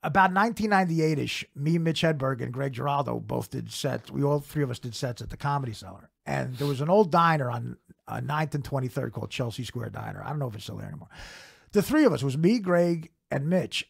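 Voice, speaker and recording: A man's voice: medium pitch, creaky, fairly bright tone, breathy edge. A middle-aged man telling a profane comedy anecdote in a casual podcast chat. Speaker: comedian guest. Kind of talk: casual storytelling.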